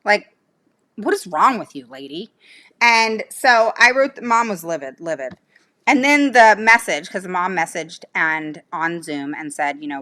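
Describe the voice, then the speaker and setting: A woman's voice: lowish voice, animated, moderate pace, sharp tone. A woman talking casually to her viewers as a special education advocate, emphatic and indignant, firing off rhetorical questions. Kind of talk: casual livestream talk to viewers.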